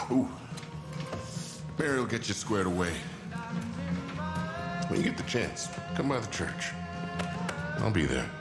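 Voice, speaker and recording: A calm, measured small-town pastor from a video game. His voice is very deep, with a roomy echo around it. Loud game music plays behind him. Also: exaggerated voice.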